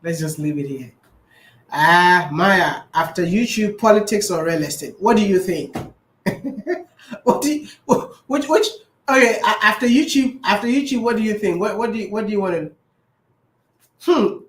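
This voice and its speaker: A man's voice: high-pitched, lively intonation, moderate pace, long pauses, fairly bright tone. A man chatting casually as a vlogger, answering viewer questions, laughing often and repeating his phrases. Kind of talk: casual chat. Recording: roomy echo.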